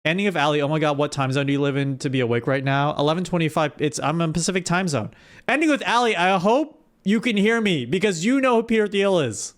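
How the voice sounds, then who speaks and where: A young man streaming live, chatting casually with his viewers while gaming, animated and rambling with restarts. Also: on the high side, fast. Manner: animated, talks straight to chat, rambling with restarts.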